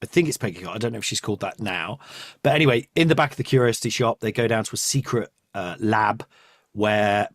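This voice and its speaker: A man's voice: lowish voice, fast talker, no room sound, studio quality. A man hosting a podcast, chatting casually, often laughing and trailing off. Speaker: podcast host. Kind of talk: casual chat.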